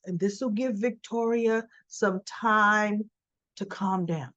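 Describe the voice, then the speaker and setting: A woman's voice: mid-range voice, takes it slowly, highs cut off. A woman hosting a casual soap opera recap, retelling scenes by quoting the characters and adding opinionated asides. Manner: animated storyteller, quotes characters in dialogue, opinionated asides.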